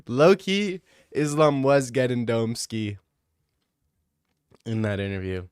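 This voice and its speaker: Young male streamer, middle pitch, crude and rambling slang-heavy Q&A, dry close sound. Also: big pitch swings, slow, pauses often, clear, resonant tone, dry recording. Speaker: streamer answering chat questions. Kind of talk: casual livestream Q&A.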